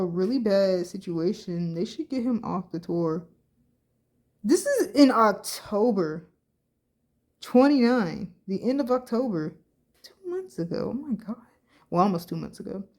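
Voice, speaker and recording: A woman's voice: mid-range voice, a little mellow. A woman vlogging casually as she reads social media posts aloud and reacts bluntly, with plenty of slang and swearing. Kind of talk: casual reaction vlog, reading comments aloud.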